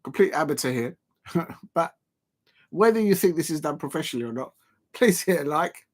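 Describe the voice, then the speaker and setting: A man hosting a casual live stream, calling a snooker match in a chatty, rambling, self-deprecating way with lots of filler pauses. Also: fairly high pitch, expressive. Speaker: YouTube live-stream host.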